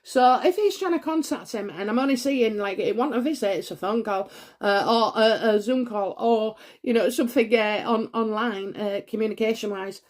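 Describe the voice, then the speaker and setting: Woman in her 40s doing a tarot reading, bit higher voice, rambly and hesitant, lots of ums and gasps. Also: moderate pace. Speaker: tarot reader. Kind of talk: solo tarot reading vlog.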